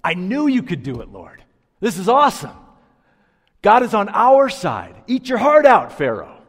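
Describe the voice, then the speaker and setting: A man preacher voicing a boastful, confident Israelite man who cheers loudly, in a sermon. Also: sits high, huge pitch swings, unhurried, husky, pitched above the performer's own voice, full character voice. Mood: triumphant. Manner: cocky, triumphant and loud. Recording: long church reverb.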